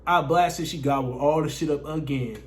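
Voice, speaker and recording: Male vlogger with a higher voice, animated and profane, talks straight to his viewers. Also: moderate pace. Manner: profane, animated, keeps addressing viewers as guys. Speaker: dating coach vlogger. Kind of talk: casual storytelling.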